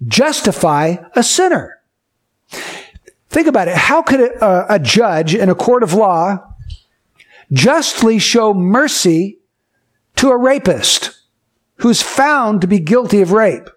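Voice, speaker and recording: A man preaching a sermon, explaining doctrine with everyday stories and slowing down to stress key phrases. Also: sits high.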